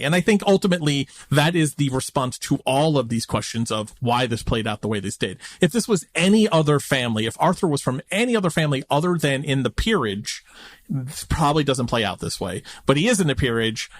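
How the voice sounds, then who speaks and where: A man co-hosting a podcast in casual chat, with a fairly high voice that rises and falls a lot. He sounds animated and laughs easily, recorded dry and close. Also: fairly quick, no room sound. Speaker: podcast co-host.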